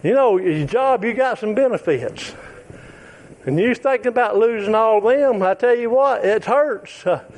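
Man preaching, very high voice, fervent delivery with shouted peaks. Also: animated, normal speed. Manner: fervent, rising to shouts then dropping soft. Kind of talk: sermon.

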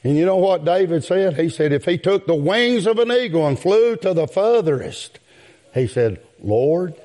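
A man preaching a sermon in a drawn-out cadence that rises into outbursts. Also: high voice, lively intonation, warm tone. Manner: calls out "my friend" and "yes, sir".

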